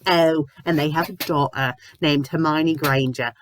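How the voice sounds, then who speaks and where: A woman with covid reviewing fanfiction in a comedic, exasperated rant, sometimes breaking into shouts. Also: low-pitched, fairly even intonation, a little slow, few pauses. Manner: exasperated, ranting, bursts into shouting; says "bloody" often. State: sick with covid, a little loopy.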